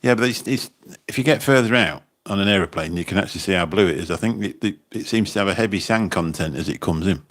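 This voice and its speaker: Low-voiced chatty man. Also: fast talker, hardly any pauses, fairly bright tone. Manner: rambling, chatty, repeats words. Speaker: livestream host and taxi driver. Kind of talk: casual livestream chat reading comments. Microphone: phone.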